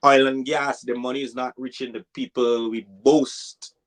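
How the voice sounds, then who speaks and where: A man's voice: medium pitch, little pitch movement, moderate pace. Hesitant male host. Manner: hesitant, stammers at the start. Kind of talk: political discussion.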